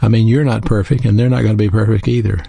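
A man's voice: fairly low pitch, fairly even intonation, fast, creaky, warm tone, husky, no room sound. A man preaching a sermon in an earnest, teaching way, spelling out words letter by letter.

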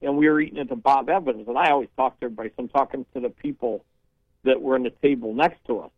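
A man's voice: mid-range voice, rapid-fire, slightly rough, dry recording. A man calling into a radio show, chatty and blunt, telling stories. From Northeast Ohio. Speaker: caller. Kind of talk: casual call-in chat. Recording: tinny phone line.

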